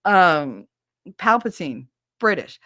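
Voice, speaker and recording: A chatty woman with a lowish voice hosts a podcast, talking frankly and swearing freely. She laughs often as she reacts to viewer comments. The sound is close and dry. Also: big pitch swings, takes it slowly, sharp tone, no room sound. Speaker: podcast host. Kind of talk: casual chat reading viewer comments.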